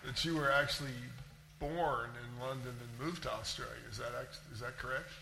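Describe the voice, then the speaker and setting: A man's voice: medium pitch, brisk, gravelly. A man hosting a casual interview, asking questions in a friendly, easygoing way. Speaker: host. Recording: echoey room with faint ambient hum.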